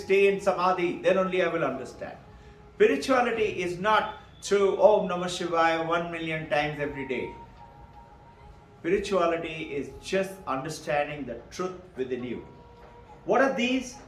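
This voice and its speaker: High-pitched man lecturing, animated. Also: moderate pace, reverberant, a little hiss or hum. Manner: asks rhetorical questions and answers them himself; animated, chuckles often. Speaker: spiritual teacher. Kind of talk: lecture on Vedanta.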